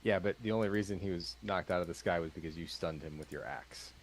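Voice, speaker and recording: A man with a very deep voice speaks as a player in a tabletop game, relaxed and matter-of-fact. A faint hiss sits under the recording. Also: quick pace, low-quality recording.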